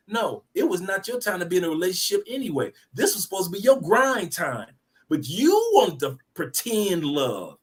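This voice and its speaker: A man holds forth in a casual talk, slangy and animated, stacking up repeated words as he builds his point. His voice sits somewhat high for a man. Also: brisk. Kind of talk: casual discussion, storytelling.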